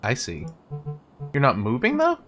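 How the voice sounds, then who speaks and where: A woman plays a weary, down-on-his-luck man in a game, pitched well below her own voice. He is dry and deadpan, and his voice rises and falls a lot. Faint music plays behind. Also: a little slow, heavily acted. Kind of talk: voice-acting a game.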